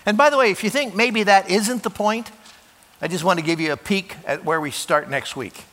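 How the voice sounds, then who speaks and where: A male pastor preaching in a church sanctuary, his voice bright and forceful and set a little high. He talks plainly to his listeners, stumbling and repeating words, then leans hard on key phrases. A long reverb from the large hall trails each line. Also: normal speed. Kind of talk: sermon.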